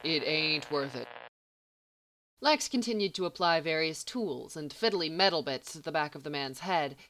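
A woman narrating a story in a steady, even reading voice. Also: low-pitched, normal speed. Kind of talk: audiobook fiction reading.

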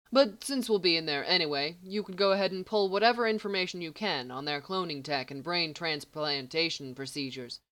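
A woman reading the lines of a sharp-tongued, impatient genius man who snaps commands. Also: low voice. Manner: snappish, commanding.

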